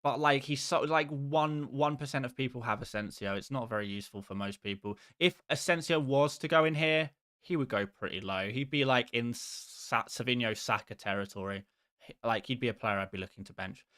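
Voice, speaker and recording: A man's voice: medium pitch, brisk, a bit bright, no echo, studio quality. A man hosting a live stream who chats casually with his viewers in a rambling, exasperated and self-mocking way.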